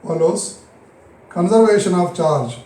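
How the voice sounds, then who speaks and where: A man with an Indian English accent teaching a physics lesson, repeating key phrases slowly and answering his own questions. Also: high-pitched, expressive, dark tone, echoey room, poor audio. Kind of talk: recorded classroom lesson.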